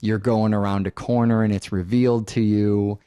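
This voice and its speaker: A man's voice: fairly low pitch, little pitch movement, moderate pace, dark tone, clear, resonant tone, no room sound. A man co-hosting a podcast, chatting casually about horror films and thinking aloud with many fillers. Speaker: podcast co-host. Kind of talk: casual film discussion.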